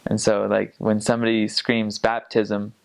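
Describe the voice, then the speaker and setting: A man's voice: on the low side, monotone, normal speed, vocal fry, clean tone. An American man talking casually to camera, explaining things in a chatty way and laughing often between points. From United States. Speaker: vlogger.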